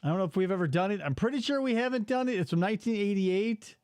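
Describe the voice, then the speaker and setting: A man in his forties hosting a casual podcast, ranting in an exasperated, animated way and swearing freely. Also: high-pitched, fast, smooth, no echo, studio quality. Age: 40s. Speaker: podcast host.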